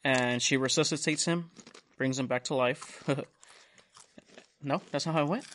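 An unhurried young man with a medium-pitched voice hosts a podcast, recounting a long, cussing story and playing the parts of the other people. Slight background noise sits behind him.

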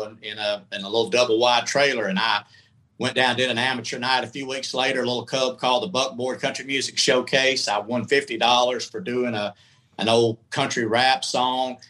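This middle-aged man spins a long, candid tale in a folksy, rambling manner. His voice has a bright, forceful edge and sits at an ordinary pitch for a man. He talks loosely, like a guest at ease. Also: flat delivery, moderate pace, low-quality recording. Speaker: guest, country singer. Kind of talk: casual storytelling.

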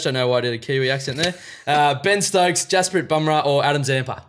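A man's voice: fairly high pitch, fairly bright tone, smooth. A man co-hosting a casual podcast, joking as he runs a quiz. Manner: joking, brisk quizmaster. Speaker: podcast co-host running a quiz.

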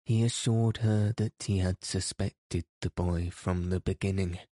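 A man narrating an audiobook in a measured, even storytelling manner. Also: deep voice, no room sound, clean studio sound.

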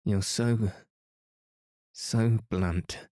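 Sullen, pleading teen schoolgirl, a man reading her in a soft, dark tone. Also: fairly low pitch, fairly even intonation, extremely slow, dry recording, studio quality. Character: sulky scheming teenage schoolgirl.

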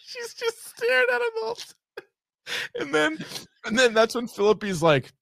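A man's voice: very high-pitched, huge pitch swings, slow, vocal fry, long pauses, fairly bright tone, no room sound. A man in casual podcast chat, laughing often and acting out quotes from a comedy film. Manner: laughs a lot, acts out quotes in mock voices.

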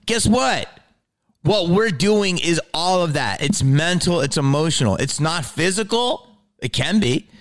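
A man's voice: a little high, lively intonation, unhurried, a bit bright. A comedian talking casually about his own stage outburst, heated, rambling and profane. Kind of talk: reflective casual talk.

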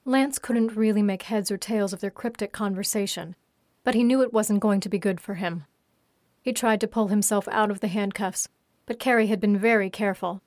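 A woman narrating an audiobook story in a steady, even reading voice. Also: medium pitch, moderate pace, no echo, clean studio sound.

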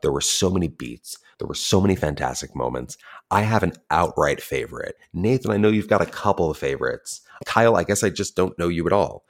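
A man with an extremely low, deep voice hosts a casual podcast chat. He is playful and theatrical, and leans into effusive, dramatic phrasing. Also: lively intonation, brisk, gravelly. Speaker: podcast host.

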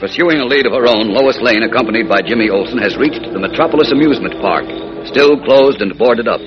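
A man's voice: medium pitch, expressive, fairly quick, lo-fi sound, loud music behind the voice. A male announcer narrating a 1940s radio serial in a dramatic, suspenseful way.

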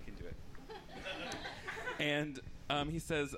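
A man's voice: fairly high pitch, lively intonation, takes it slowly, sharp tone. Man, podcast host, playful storyteller, noisy live room. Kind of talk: live podcast banter and joke telling.

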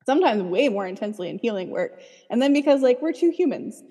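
A woman's voice: fairly high pitch, animated, fast talker, dark tone, breathy edge, long reverb tail. A woman therapist talking casually in an interview, chatty and full of "like.". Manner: chatty, fills speech with "like". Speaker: licensed therapist, guest.

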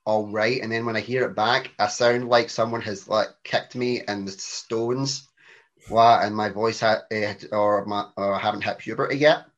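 A man's voice: fairly low pitch, steady tone, moderate pace, dull audio. A Glaswegian man in his thirties, a podcast guest telling rambling, self-mocking stories in casual chat. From Scotland.

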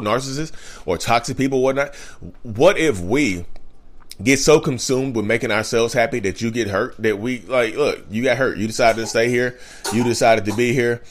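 A man hosting his own online channel, talking straight to camera in a casual, emphatic way and repeating key phrases. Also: mid-range voice. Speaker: YouTube host on narcissism.

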